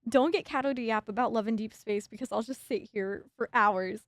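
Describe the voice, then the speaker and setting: A young woman streaming a game as a VTuber, talking to her chat in a giddy, rambling rush that keeps stumbling over itself. Her voice sits high, and the close microphone leaves it dry, with no room sound around it. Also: brisk, no room sound.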